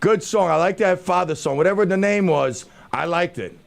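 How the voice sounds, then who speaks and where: A man's voice: high-pitched, normal speed, creaky. A man hosting a radio talk show, bantering in a joking, self-mocking way into a studio microphone.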